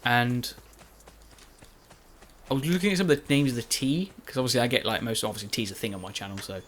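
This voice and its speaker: Here a Let's Play commentator talks fairly quickly in a mid-range, slightly bright voice against slight background noise. He rambles chattily about his recorded gameplay and pokes fun at himself.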